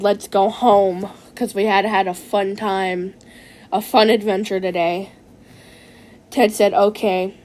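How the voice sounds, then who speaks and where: Woman rambling through a goofy story, keeps tripping over words, medium pitch. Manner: excitable, restarts and repeats words.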